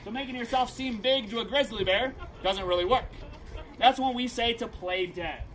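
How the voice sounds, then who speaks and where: A man working as a park ranger, giving a lively outdoor talk to a crowd and leading them in call-and-response. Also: very high voice, normal speed. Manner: projecting, upbeat, leads call-and-response. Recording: distant outdoor voice, loud background noise.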